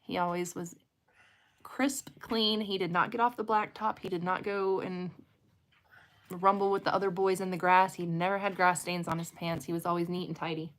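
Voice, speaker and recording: A woman's voice: fairly low pitch, level tone, moderate pace. A woman, casually chatting with viewers on a late-night livestream from home. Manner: chatty, talks directly to viewers. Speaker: livestream host.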